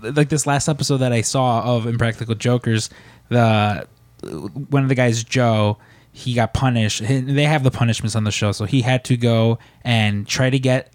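Dude hosting a chatty podcast, rambly, lots of uh and like, dry mic. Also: male voice, mid-range voice, dry recording. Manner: rambling storyteller, many fillers and restarts. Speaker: podcast host. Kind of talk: casual podcast chat.

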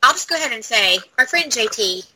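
Woman co-host, high voice, bright and breathy, rambly chat packed with fillers. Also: animated, brisk, slight background noise, low-quality recording. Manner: rambling, filler-heavy with constant "like". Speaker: podcast co-host. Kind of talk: casual chat.

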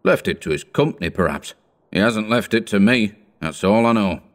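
A man's voice: fairly low pitch, expressive, normal speed. A man voicing a fat, bored male merchant from a storybook, speaking in offhand, drawling banter.

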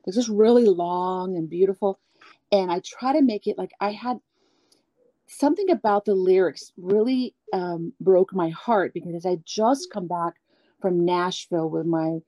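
A woman being interviewed as a guest singer, talking candidly and at length, animated, acting out the people she quotes. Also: on the low side, measured pace, dry recording. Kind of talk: candid storytelling chat.

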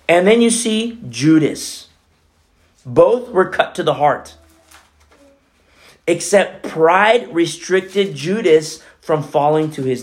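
A man preaching a sermon as pastor, animated and conversational, swinging between loud and hushed. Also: on the high side, vocal fry. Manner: conversational, with many fillers like "you know" and "like".

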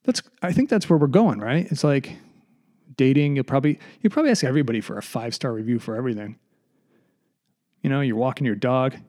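A man's voice: medium pitch, lively intonation, fast talker, warm tone. A man hosting a solo comedy podcast, rambling and self-deprecating, slightly out of breath. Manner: self-deprecating, digressive, mock voices. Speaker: podcast host. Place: basement room.

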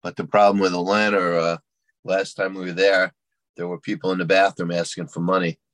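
A man's voice: low voice, level tone, a little fast, a bit bright, no room sound. A man, a guest on an interview show, answering in a plainspoken, matter-of-fact way. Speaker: guest, card dealer. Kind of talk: casual interview chat.

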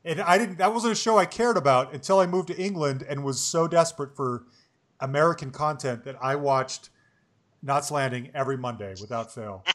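A man's voice: on the high side, fairly quick, fairly bright tone. Chatty man in his forties hosting. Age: 40s. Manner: chatty and rambling, laughs easily. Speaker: podcast host. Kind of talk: casual chat.

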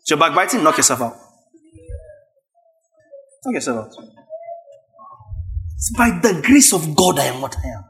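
A man preaching a sermon, emphatic and repetitive, rising to shouts at his peaks. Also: a little high, big pitch swings, moderate pace, gravelly, long pauses, faint music behind. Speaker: pastor.

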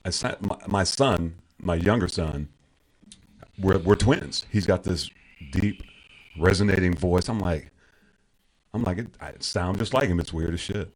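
Deep raspy guy hosting a podcast, easygoing, gives lots of shout outs. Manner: easygoing, quick to laugh and give shout-outs. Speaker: podcast host. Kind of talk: casual chat.

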